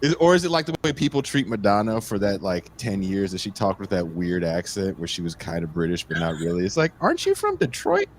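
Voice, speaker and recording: A man hosting a podcast, loud and joking, chatting casually and slipping into silly voices. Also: low voice, fairly quick, few pauses, slight background noise. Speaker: podcast host.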